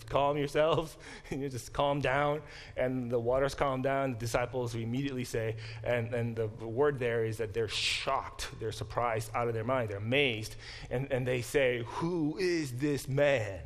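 Animated male Bible professor lecturing. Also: mid-range voice. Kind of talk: classroom lecture. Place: classroom.

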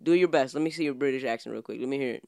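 A man's voice: medium pitch, rapid-fire, vocal fry, a little mellow, dry recording. A man co-hosting a casual podcast, bantering loosely and laughing often. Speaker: podcast co-host. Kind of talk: casual chat.

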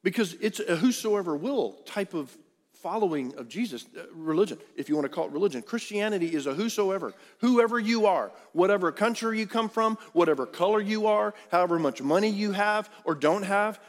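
A man's voice: expressive, normal speed. Preaching man in an echoing hall. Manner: emphatic preaching, swinging from loud peaks to hushed low lines. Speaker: pastor. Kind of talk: sermon. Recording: long hall reverb.

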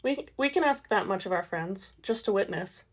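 A woman's voice: mid-range voice, lively intonation, normal speed, natural voice. A woman reading as Esme, an eager motherly vampire. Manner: eager, soothing.

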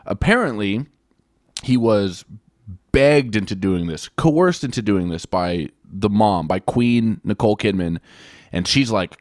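A man hosting a podcast, retelling a film's plot in a casual, animated way, with swearing and mock quotes. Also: fairly low pitch, unhurried, no echo, clean studio sound. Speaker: podcast host. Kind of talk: casual film review chat.

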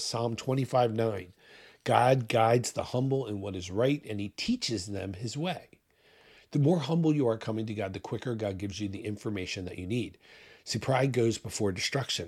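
Husky-voiced preaching man. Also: fairly low pitch, darkish tone. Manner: emphatic preaching, pace swinging fast and slow. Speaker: pastor. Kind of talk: sermon.

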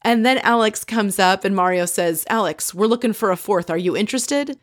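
A woman's voice: medium pitch, normal speed. Chatty woman recapping a reality show. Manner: chatty, animated storytelling with frequent asides. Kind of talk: casual recap chat.

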